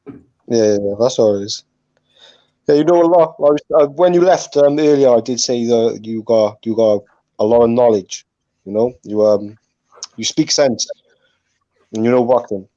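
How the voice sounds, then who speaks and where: A man's voice: medium pitch, normal speed, long pauses, dark tone, dry recording. A man talking on a live stream, earnest and hesitant, with lots of ums. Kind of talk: casual chat. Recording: dry, dull lo-fi call audio.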